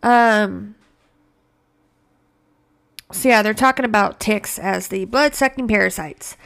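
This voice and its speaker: A woman's voice: mid-range voice, normal speed, vocal fry, a bit bright. A woman hosting a podcast alone, talking casually in a playful, slangy way with joking asides. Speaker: podcast host. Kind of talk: casual solo podcast monologue.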